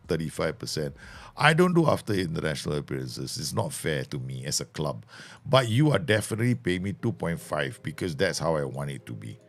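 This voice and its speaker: A very deep-voiced man with a lilt streams a game live, his voice gravelly and swinging lively up and down. He talks in a chatty, animated, joking way, with soft music playing faintly behind him. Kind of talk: live gameplay commentary.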